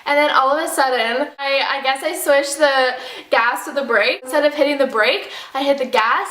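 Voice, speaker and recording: A young woman telling a dramatic storytime vlog, acting out the quotes with animated flair. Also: sits high, normal speed, echoey room. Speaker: vlogger.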